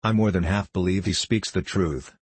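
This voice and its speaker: A man's voice: normal speed, husky, no room sound. A man playing a wary, kindly locksmith. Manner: cautious, confiding, lowered voice. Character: earnest middle-aged male locksmith, kindly but wary.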